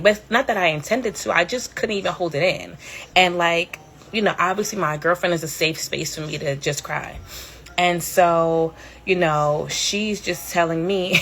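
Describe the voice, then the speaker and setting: On a live stream, a woman in her thirties who hosts a podcast tells stories in a loose, candid way, wandering off topic and peppering her talk with fillers and curses. She speaks at a normal speed in a lowish, fairly bright voice, and there's a little hiss or hum in the audio.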